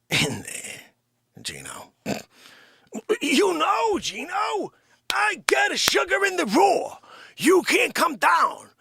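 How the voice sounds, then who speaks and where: A man putting on a loud, bossy café regular who shouts for his espresso. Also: very high-pitched, vocal fry, no echo, pitched above the performer's own voice, exaggerated voice. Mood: indignant. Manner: shouting, bossy and indignant, demanding service. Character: brash loud grown man fussing over espresso at a café. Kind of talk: improvised comedy bit.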